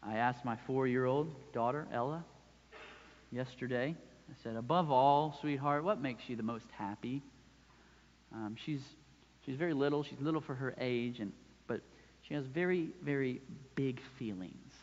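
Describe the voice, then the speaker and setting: A man's voice: medium pitch, moderate pace, a little mellow. A man in his thirties preaching a sermon, talking conversationally and often checking in with "right?". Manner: conversational preaching with frequent "right?" tag questions. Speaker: pastor. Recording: dull sound with long hall reverb.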